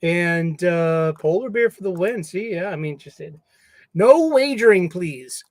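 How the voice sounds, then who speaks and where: A man's voice: a little high, unhurried, dry recording. A man hosting his own casual solo livestream from a home studio, playful and jokey, chatting to the stuffed animals around him. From United States. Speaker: livestream host.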